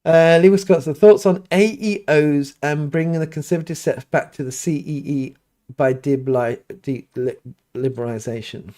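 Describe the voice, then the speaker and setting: A man's voice: fairly high pitch, normal speed, warm tone. Rambling man chatting live. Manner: rambling, many restarts and fillers. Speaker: priest hosting a livestream. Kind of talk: casual live Q&A chat. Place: home studio.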